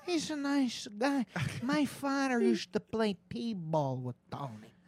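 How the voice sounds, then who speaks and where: A man doing a slow, drawn-out impression of a comedian with a Chicago accent. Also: extremely high pitch, big pitch swings, full character voice. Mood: mock-friendly.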